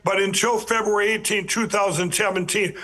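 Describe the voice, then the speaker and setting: A man's voice: high-pitched, fairly even intonation, fairly quick, pushed and bright. A man telling his life story as a podcast guest, earnest and emphatic, rambling with many restarts and repeated words. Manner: earnest, emphatic storyteller who addresses listeners directly.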